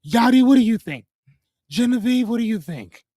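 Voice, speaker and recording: Extremely high and warm, this young man's voice has lively intonation at normal speed, recorded dry in the studio. He hosts a loose, joking livestream, reading viewers' names and comments aloud, cursing casually and breaking off with "hold on."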